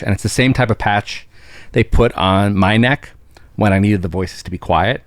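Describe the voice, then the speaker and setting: A man's voice: on the low side, moderate pace, no echo. A man co-hosting a casual chat, retelling scenes and quoting characters as he goes. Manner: retells scenes with quoted voices. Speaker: podcast co-host.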